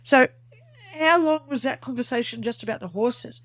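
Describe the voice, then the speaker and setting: A woman's voice: fairly high pitch, moderate pace, dry recording. A woman guest on an interview podcast, earnestly recounting a personal experience in vivid detail. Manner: earnest, vivid storytelling that acts out remembered dialogue.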